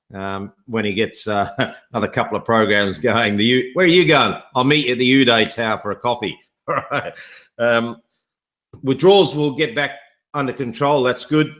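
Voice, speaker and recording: A man's voice: medium pitch, moderate pace, a bit bright. A man chatting on a live video call, telling jokes and rambling stories in casual conversation. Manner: joking, rambling storyteller. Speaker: online business promoter.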